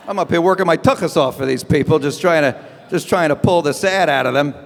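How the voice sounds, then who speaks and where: A man doing live stand-up comedy as host of an evening event, with an animated, punchy, wisecracking delivery. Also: fairly high pitch, a little fast, vocal fry, in a large hall. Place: event stage before a live audience.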